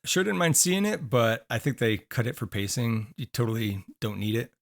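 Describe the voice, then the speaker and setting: A man's voice: medium pitch, sing-song, moderate pace, gravelly, slight background noise. A man co-hosting a podcast in casual chat, rambling with fillers while losing his voice. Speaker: podcast co-host.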